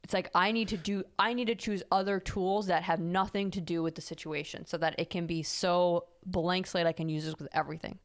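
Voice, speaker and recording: Frank, lower-voiced woman on a podcast. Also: steady tone, fairly quick, hardly any pauses. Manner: frank, candid, lightly self-mocking. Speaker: podcast co-host. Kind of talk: casual chat.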